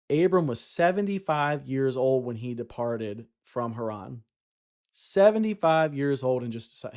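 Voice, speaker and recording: A man's voice: mid-range voice, a little mellow. A man giving a casual devotional talk, chatty, with many fillers and restarts. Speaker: Christian vlogger.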